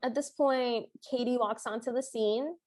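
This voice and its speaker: A woman with a somewhat high voice co-hosting a podcast, casually talking through a movie. She is chatty and agreeable, often backing up her co-host with quick affirmations as she narrates scenes. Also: fairly even intonation, a little mellow. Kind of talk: casual movie recap chat.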